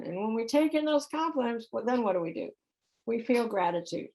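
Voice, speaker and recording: A woman's voice: a little high, lively intonation, moderate pace, a little mellow, low-quality recording. A middle-aged woman giving a conversational talk about relationships, often putting questions to her audience. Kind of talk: spiritual center talk.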